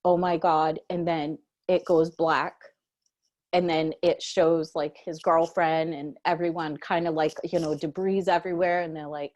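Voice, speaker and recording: A woman with a fairly low voice, chatting casually as a podcast co-host. She tells stories in an animated, slangy way. When she quotes her own reactions, her voice leaps up high. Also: a little slow. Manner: animated storytelling, slangy, jumps to high excited pitch when quoting herself. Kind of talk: casual chat.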